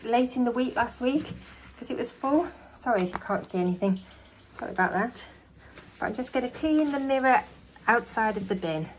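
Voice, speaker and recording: A woman's voice: on the high side, slight background noise. A woman chatting casually while she cleans her house, a bit out of breath and scattered as she narrates each task. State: slightly out of breath. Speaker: home cleaning vlogger. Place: house, indoors.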